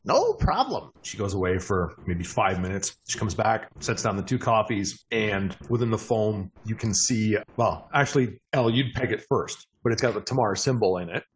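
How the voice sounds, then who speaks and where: A man acting as game master, narrating a tabletop game in a relaxed, chatty way. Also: lowish voice, moderate pace, hardly any pauses, slight background noise.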